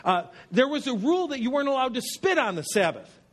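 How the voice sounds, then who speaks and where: A man preaching a sermon as pastor, animated and humorous, telling stories and asking rhetorical questions. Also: extremely high pitch, fast.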